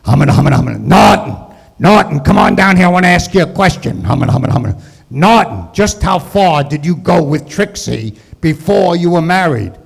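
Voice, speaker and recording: A man's voice: on the high side, very animated, normal speed, gravelly, breathy edge, big-room sound, full character voice. A man in his sixties doing an impression of a blustering sitcom husband who bellows and sputters. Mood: bellowing.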